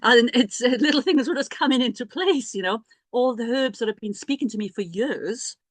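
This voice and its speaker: A woman's voice: on the high side, moderate pace, no echo. A middle-aged woman, a priestess and healer, telling a personal story in a chatty, self-mocking way with many restarts and asides.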